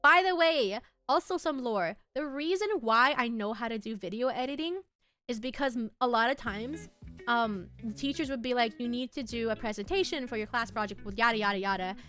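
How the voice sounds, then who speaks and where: A woman's voice: a little high, a little fast, a bit bright, clean tone. A young woman streaming, chatting casually and giggling as she reads and answers her chat. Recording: faint music behind.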